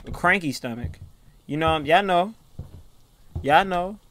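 A man's voice: a little high, lively intonation, a little slow, a little hiss or hum. Jumpy young-sounding man playing horror games. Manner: jittery, swearing, thinks aloud, swings from muttering to yelling. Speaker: gaming video creator. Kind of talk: horror game commentary.

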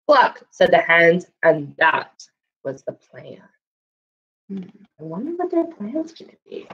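A woman's voice: medium pitch, dull audio. A woman librarian reading a farm picture book aloud to young children, asking them questions, then leading a handprint painting craft. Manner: sing-song storytelling, asks children questions. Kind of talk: storytime read-aloud and craft lesson. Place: library, indoors.

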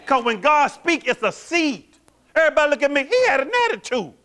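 Animated, high-voiced preaching man. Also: a little fast. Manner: animated, quizzes the congregation with call-and-response questions. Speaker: pastor. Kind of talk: sermon.

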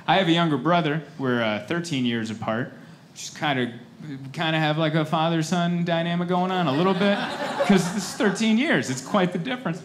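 A young man doing a stand-up comedy set on a club stage, animated and acting out other people's voices. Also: fairly high pitch, fairly quick, background noise.

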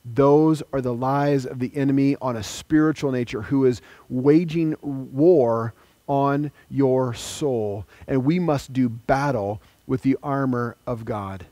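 Male pastor, earnest sermon delivery, mid-pitched voice, dry close sound. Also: takes it slowly, dark tone, dry recording. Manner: earnest, pleading, invites listeners to pray along.

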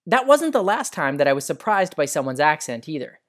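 An American man hosting a science lesson for kids, telling stories in a friendly, animated way. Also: on the high side, a little fast. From United States. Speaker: educational show host.

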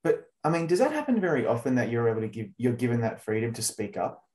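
A man's voice: medium pitch, very animated, fast, a little mellow. An Australian man hosting a video-call interview, asking long, gushing questions. His voice sits in the middle range and bounces around an echoey room. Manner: enthusiastic, gushing, rambling questions. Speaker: interview host. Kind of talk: casual interview chat.

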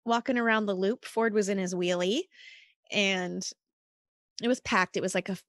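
A woman's voice: medium pitch, normal speed, no echo, studio quality. A woman guest on a podcast, a mother telling a personal story in a casual, earnest way, full of "like" and "you know". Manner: earnest, chatty, many "like" and "you know" fillers.

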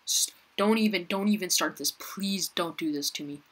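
A woman talking through an online game for her viewers, chatty and quick to get frustrated. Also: fairly low pitch, husky. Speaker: gaming YouTuber. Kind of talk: casual gameplay commentary.

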